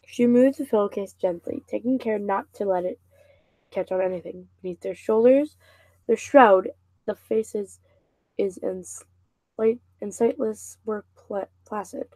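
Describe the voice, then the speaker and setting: Woman, reading a book aloud, mellow tone, dry close sound, casual with small stumbles. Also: mid-range voice, a little slow, no echo, rough recording. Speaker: reader and channel host.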